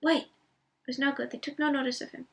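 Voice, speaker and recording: Gravelly woman reading a bedtime story. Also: sits high, level tone, brisk, fairly bright tone. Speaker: reader. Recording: voice from a distance.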